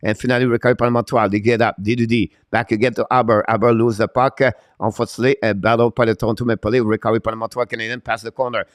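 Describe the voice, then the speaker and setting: With a mid-range voice and clean studio sound free of room echo, this play-by-play host calls a live-streamed hockey game in fast, broken non-native English. Frequent "uh" fillers give way to abrupt, excited shouts whenever a scoring chance comes.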